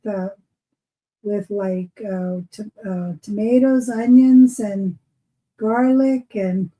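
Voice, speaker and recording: Slow, mellow-voiced woman chatting. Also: a little high, poor audio. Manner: slow and hesitant, many fillers. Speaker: co-host reading viewer comments. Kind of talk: casual livestream chat.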